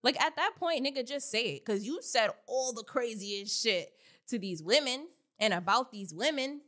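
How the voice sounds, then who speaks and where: Woman podcast co-host, high, swooping delivery, blunt and profane. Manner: expressive, blunt, swearing, quick mocking asides. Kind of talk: casual commentary chat.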